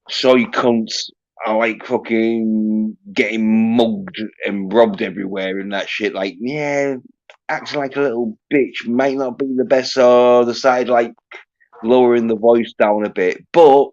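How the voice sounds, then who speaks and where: On a dull, lo-fi recording, a man with a somewhat mellow mid-range voice hosts a livestream and goes off on a rambling, swear-heavy, crude rant.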